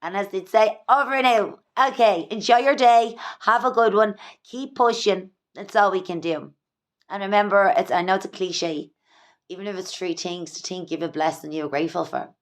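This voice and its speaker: An Irish woman vlogging from home, talking fast and candidly in a rambling, repetitive way. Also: mid-range voice. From Ireland. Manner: rambling, fast, repeats herself. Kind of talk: candid confessional vlog. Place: at home in her own small place.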